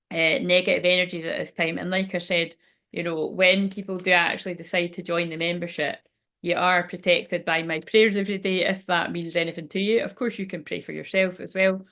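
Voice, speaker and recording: A woman's voice: on the low side, a bit bright. A woman giving a live spiritual card reading, chatty and chipper as she talks straight to her viewers.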